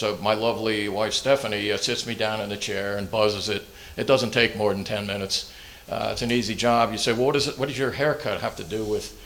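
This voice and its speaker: A man preaching a relaxed, conversational sermon, halting often with fillers and self-deprecating jokes. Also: on the low side, gravelly, a little hiss or hum.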